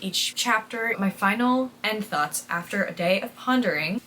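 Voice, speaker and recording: A woman's voice: medium pitch, a bit bright, slight background noise. Gushing young woman reacting to a book. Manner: gushing, chatty, emotional. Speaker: book vlogger. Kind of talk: reading vlog, reading aloud and reacting.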